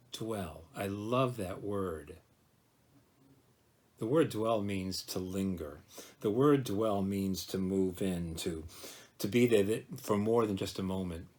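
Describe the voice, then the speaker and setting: A man with a low voice gives a devotional talk as a pastor. He speaks gently and reflectively, slowing down to dwell on each word of a scripture verse. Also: breathy edge.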